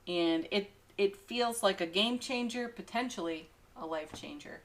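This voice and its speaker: A woman reading tarot cards at an unhurried, leisurely pace, her voice pitched in an ordinary middle range. She often breaks into small giggles and gushes over the cards. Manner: frequent giggles, warm enthusiastic exclamations. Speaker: tarot reader. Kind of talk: daily tarot card reading.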